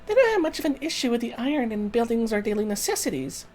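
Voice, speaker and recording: A man voicing an earnest, curious young woman companion, reading game story lines in a lilting falsetto. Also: very animated, fast talker, a little mellow, slight background noise. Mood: explaining. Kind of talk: fan voicing of a game's story text.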